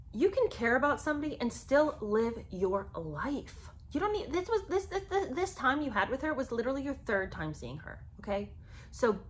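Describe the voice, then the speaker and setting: A woman's voice: mid-range voice, a bit bright, a little hiss or hum. A woman giving sarcastic, exasperated commentary on a memoir, talking in a chatty way to her viewers. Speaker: book commentary host.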